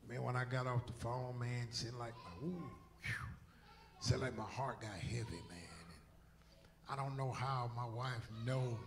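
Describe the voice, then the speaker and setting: A pastor preaching in a church, with a gravelly, rough edge to his voice. He swings from ringing shouts down to near-whispers, and a faint hiss sits behind him. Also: mid-range voice, normal speed. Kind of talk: sermon. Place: church sanctuary.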